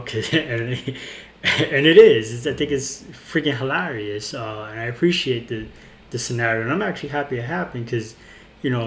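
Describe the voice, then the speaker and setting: A man's voice: mid-range voice, slight background noise. Rambling indignant man in a roomy space. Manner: rambling, indignant, with frequent restarts and fillers. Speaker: vlogger. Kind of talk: casual storytelling monologue. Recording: roomy with faint ambience.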